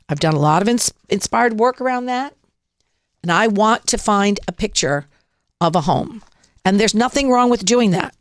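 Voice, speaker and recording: A woman's voice: a little high, expressive, normal speed, no echo, studio quality. A woman podcast host giving an upbeat, motivational how-to talk, acting out examples as she explains. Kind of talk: casual instructional talk.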